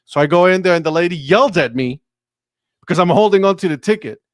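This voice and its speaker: Co-host, male, lively storyteller, slightly high voice, dry mic. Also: quick pace, no room sound. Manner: animated storyteller, acts out dialogue. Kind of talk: casual sports chat. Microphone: live stream remote mic.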